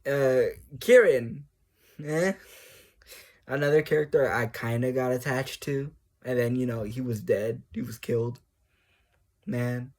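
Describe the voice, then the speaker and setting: A man's voice: mid-range voice, a little slow, long pauses, a little mellow. A man vlogging in a casual, emotional way about a game, laughing often and rambling with restarts. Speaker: gaming vlogger. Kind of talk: casual monologue.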